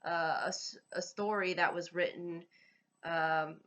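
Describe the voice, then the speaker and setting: Slow, bright-voiced woman vlogger. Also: on the low side, steady tone. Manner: hesitant, many fillers and restarts. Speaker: film review vlogger. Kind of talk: casual spoken film review.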